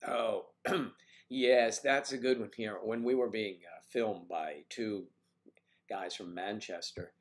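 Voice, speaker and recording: Playful American man chatting casually. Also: takes it slowly. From United States. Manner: playful, teasing, animated jumps in pitch. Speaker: livestream host. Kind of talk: casual chat reading viewer comments. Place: home.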